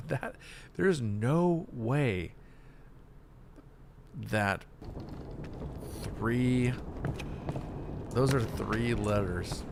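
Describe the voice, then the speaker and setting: A man's voice: medium pitch, very slow, creaky, long pauses. A male streamer rambling and joking over gameplay, reading game text aloud. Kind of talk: casual live gameplay commentary. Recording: loud game noise behind.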